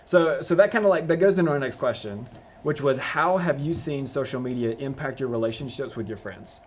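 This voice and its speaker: A man's voice: mid-range voice, animated, brisk, a little hiss or hum. A young man hosting a live youth discussion, casual and rambling, with many restarts. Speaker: youth pastor host.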